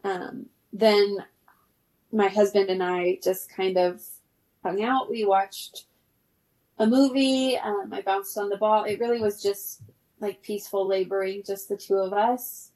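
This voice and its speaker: A woman's voice: mid-range voice, fairly even intonation, a little slow, a little mellow. A woman in her thirties, a podcast guest telling a story in casual chat, laughing often and using many fillers.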